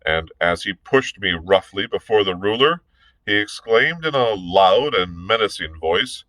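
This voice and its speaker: A male librarian reads a novel aloud at a measured, deliberate pace, now and then tripping on a word and starting it again. His voice sits low, and the recording is close and dry, with no echo around him. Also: expressive, fairly bright tone. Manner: measured, deliberate reading with small slips and restarts.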